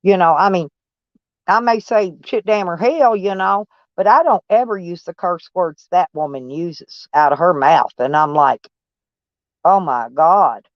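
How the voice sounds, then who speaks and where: A woman's voice: lowish voice, moderate pace, no echo, lo-fi sound. A woman chatting casually on a live stream, folksy and blunt, answering viewers' comments by name and swearing mildly. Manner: blunt, peppered with mild cursing.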